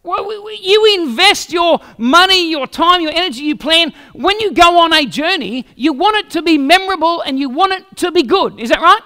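High-voiced pastor preaching, echoing hall. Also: male voice, normal speed, hardly any pauses. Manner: animated storytelling with humor. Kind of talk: sermon.

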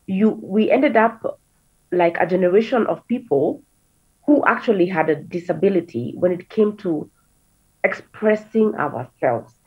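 A woman's voice: mid-range voice, husky, narrow, tinny audio. A woman hosting a talk show, speaking reflectively and repeating words as she thinks aloud. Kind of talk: casual talk show conversation.

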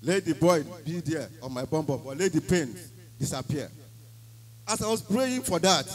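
A man's voice: on the high side, low-quality recording. A man with a Nigerian accent giving an emphatic church testimony, slipping into Pidgin phrases as he tells his story.

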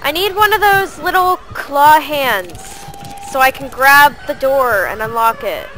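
A woman giving loud, profane gameplay commentary, yelling at her character. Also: high-pitched, animated, measured pace, poor audio. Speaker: let's play gamer.

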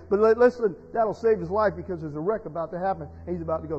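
Man, pastor, high voice, preaching a sermon, long church reverb, dull sound. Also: quick pace, few pauses, husky. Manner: storytelling, rising to loud emotional preaching. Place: church sanctuary.

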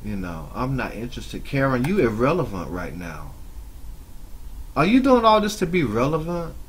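A man giving mocking reaction commentary on another streamer's clip, scolding her with drawn-out asides. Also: mid-range voice, huge pitch swings, slight background noise. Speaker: YouTube commentator.

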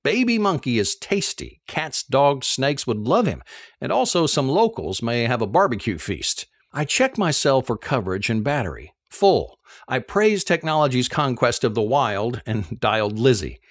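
A man reading a first-person novel aloud, telling the story in an expressive, animated way. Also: medium pitch, normal speed, no echo, studio quality. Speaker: audiobook narrator.

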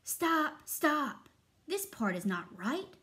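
A stern yet kindly conductor baton steps out of a children's storybook, put on by a woman reading aloud. He commands his band in a slightly raised, unhurried voice. He can soften into a gentle coax. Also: high voice, sing-song, voice pushed up, exaggerated voice. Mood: scolding. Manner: commanding, then softly coaxing.

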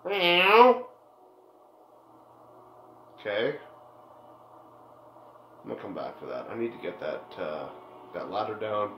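A man's voice: fairly low pitch, sing-song, moderate pace, vocal fry, long pauses, noisy background. A man giving crude, joking commentary while playing a game, talking back to the characters. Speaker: let's play gamer. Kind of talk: casual gameplay commentary. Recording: dull, echoey home recording with game music.

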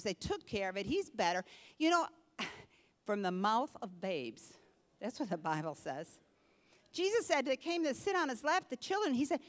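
An older woman pastor preaching a sermon with animated delivery, dropping to a hush and then rising to force. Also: high voice. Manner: animated preaching, swinging between hushed and forceful. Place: church sanctuary. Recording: reverberant church hall.

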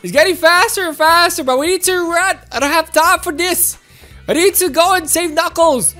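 A woman giving excitable, exclaiming commentary while playing a video game, with faint game music behind her. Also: extremely high pitch, normal speed. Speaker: gaming video host.

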